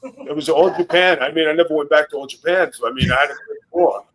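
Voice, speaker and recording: A man's voice: a little high, fast talker, fairly bright tone, poor audio. A middle-aged man, a former wrestler and podcast guest, telling blunt, profane tough-guy stories in casual talk. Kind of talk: casual storytelling interview.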